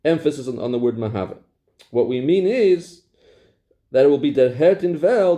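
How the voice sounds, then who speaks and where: This teacher's voice is slightly high and dark in tone, with lively intonation at normal speed. Giving a Talmudic-style lesson, he reads Hebrew Torah passages aloud and explains them in English blended with Hebrew and Yiddish terms, repeating key phrases emphatically in a sing-song cadence.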